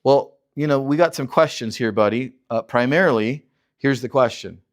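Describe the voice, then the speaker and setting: A man, a pastor, teaching verse by verse with animated delivery, rhetorical questions and chuckling asides. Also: mid-range voice, moderate pace.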